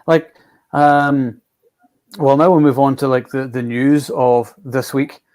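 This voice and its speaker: A man's voice: mid-range voice, level tone, darkish tone. Mild-mannered man in his forties. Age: 40s. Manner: measured, hesitant, many "um" and "like" fillers. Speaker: co-host of a movie podcast. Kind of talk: casual chat.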